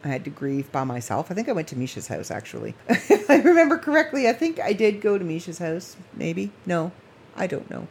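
A woman talks on her own podcast late at night, rambling from one thought to the next. Her voice is husky and a little breathy, pitched on the low side. She gets emotional and laughs often. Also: sing-song, brisk, darkish tone. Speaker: podcast host. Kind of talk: casual late-night monologue.

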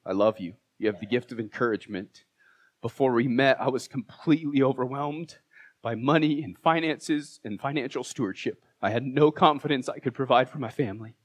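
A man preaching from the pulpit of a church, his voice sitting at an ordinary middle pitch. He speaks with open emotion and warmth toward his congregation, cracking jokes at his own expense. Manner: emotional, heartfelt, self-deprecating humor. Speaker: pastor. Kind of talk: sermon. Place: church sanctuary.

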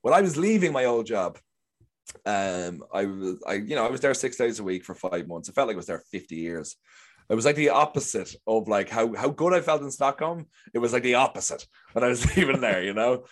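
A young Irish man, a guest actor, chats casually in a mid-range voice with lively intonation and a slightly fast pace. He rambles through his stories and acts out what people said.

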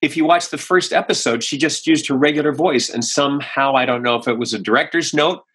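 A man, a voice actor, chatting in an interview and telling animated stories, slipping into voices as he goes. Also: medium pitch, fairly quick, slightly rough. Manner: animated storyteller, slips into voices and impressions. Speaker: voice actor guest. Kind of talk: casual interview chat.

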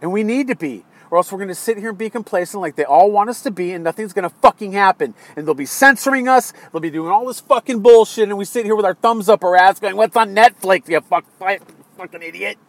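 High-voiced man in a profane rant. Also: fast talker, hardly any pauses, dry recording. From United States. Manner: heavily profane, swings between muttering and yelling; exasperated. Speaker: political commentator. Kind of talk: angry political rant.

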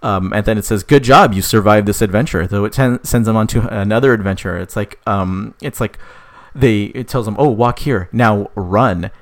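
A man casually telling a made-up story, rambling with many fillers, swearing, and voicing the characters' lines in a higher pitch. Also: normal speed.

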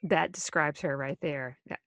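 A woman hosting an interview, reacting with enthusiasm and asking quick questions. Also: low voice, gravelly, dry recording. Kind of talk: upbeat interview.

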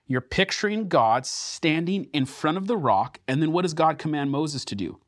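A man teaching a sermon through scripture, earnest and emphatic, slowing down to stress key words. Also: on the high side, animated, dry recording, studio quality.

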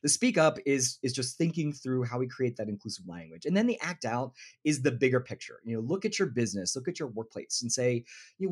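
A man's voice: mid-range voice, brisk, slightly rough. A man talking casually as a podcast guest, telling workplace stories and acting out quotes. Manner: animated storyteller, acts out quotes. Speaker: inclusion consultant guest.

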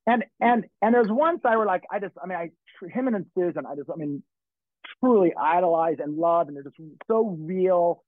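A man's voice: sits high, expressive, moderate pace, dry recording. A middle-aged man from California telling stories in casual chat, rambling and swearing with many restarts. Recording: tinny phone-like dry sound.

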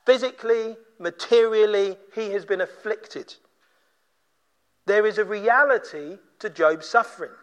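A man's voice: sits high, measured pace, fairly bright tone, smooth. A man preaching a sermon in a conversational way, briefly acting out the people he quotes. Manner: conversational, acts out quoted voices. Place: church.

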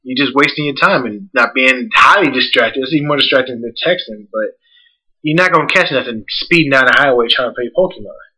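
Male podcast host, bright voice, a bit congested, blunt and profane. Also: mid-range voice, a little fast, poor audio. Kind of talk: casual podcast chat.

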